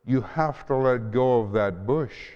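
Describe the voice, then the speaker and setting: Man doing God's voice in a joke, calm and plain, low-fi hall sound. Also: measured pace, clean tone, close to an everyday voice. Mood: matter-of-fact. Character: calm voice of God from above. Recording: dull, reverberant hall recording.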